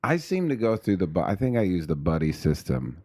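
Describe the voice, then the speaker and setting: A man's voice: low-pitched, sing-song, fairly quick, a little mellow, no room sound, studio quality. A man chatting casually as a podcast guest, loose and self-mocking with frequent chuckles. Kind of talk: casual chat.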